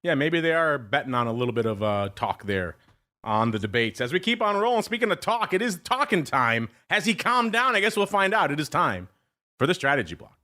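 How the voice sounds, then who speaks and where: Lively, bright-voiced podcast host. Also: male voice, a little high, fairly quick. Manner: jokey, lively. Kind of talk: casual podcast hosting.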